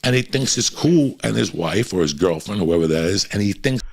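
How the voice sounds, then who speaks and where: A man's voice: on the low side, animated, brisk, vocal fry, breathy edge. A man from Cuba telling rambling, profane stories on a podcast.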